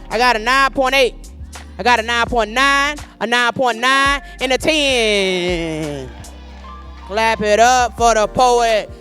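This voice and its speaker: A man's voice: extremely high pitch, takes it slowly, sharp tone, soft background music. A man hosting a poetry slam, reading out scores and hyping the crowd in a loose, playful way. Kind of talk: live event hosting.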